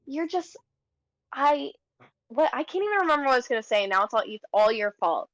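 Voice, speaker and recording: A woman's voice: high-pitched, lively intonation, brisk, dry recording. A young woman playing a tabletop game, chatting in a rambling way full of fillers. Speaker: player. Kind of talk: casual tabletop role-play.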